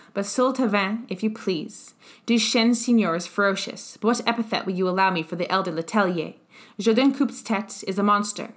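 A woman reading the part of a dying old male revolutionary, bitter and fierce, in an even, measured way. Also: medium pitch, natural voice. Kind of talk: audiobook character reading.

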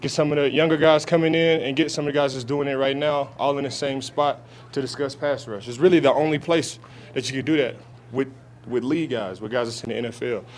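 Answering the press at outdoor camp, a young adult football player talks in a mid-range voice with fairly even intonation. He often restarts sentences with fillers, and slight background noise is audible.

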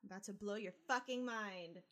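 A woman's voice: mid-range voice, brisk, a bit bright. A young woman co-hosting a podcast in casual chat, playful, laughing often and swearing freely. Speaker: podcast co-host.

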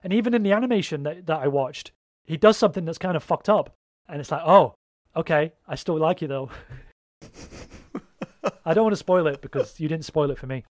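Rambling, sweary man with a higher voice. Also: fast talker, no echo, studio quality. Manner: rambling, swears freely, animated. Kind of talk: casual chat.

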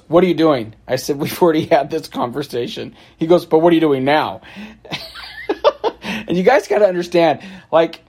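A man telling a story from his travels in a casual, wry way, often laughing and acting out the back-and-forth. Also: fairly high pitch. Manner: laughs often, animated storytelling with quoted exchanges; sarcastic, wry.

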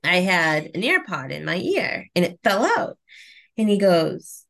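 This woman's medium-pitched, gravelly voice comes at a slightly slow pace. Co-hosting a podcast, she chats casually, spins animated stories, and laughs a lot.

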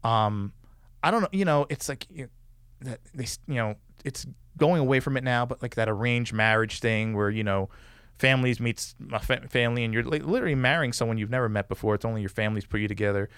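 A man in a casual podcast chat, telling a long personal story. His voice is smooth and resonant, recorded close and dry with no room sound, and his talk is loose, full of "like" and "you know". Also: mid-range voice, a little fast, a bit bright, no echo. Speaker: guest.

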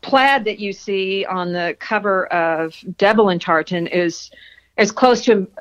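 Woman author guest, mid pitch, chatty and friendly, laughs easily. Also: unhurried, highs cut off. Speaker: romance novelist guest. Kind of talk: casual interview answers.

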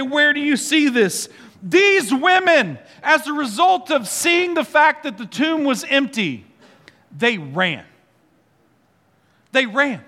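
High-voiced bright male preacher. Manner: animated preaching, leads the congregation in call-and-response. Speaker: pastor. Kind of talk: sermon. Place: church sanctuary. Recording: reverberant church hall with faint music.

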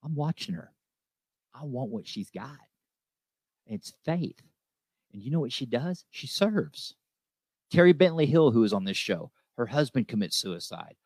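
A man's voice: mid-range voice, animated, moderate pace, darkish tone, slightly rough, no echo. Male host, recovery talk, earnest and emphatic, repeats himself for effect; dry close-miked sound. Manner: emphatic, repeats lines, says "okay?" often.

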